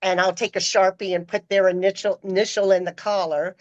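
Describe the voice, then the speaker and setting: A middle-aged woman, a podcast guest, telling stories in a casual, animated way and acting out the people she quotes. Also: fairly quick, highs cut off. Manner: animated, acts out quoted voices with pitch jumps. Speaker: podcast guest, former personal assistant. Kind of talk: casual storytelling.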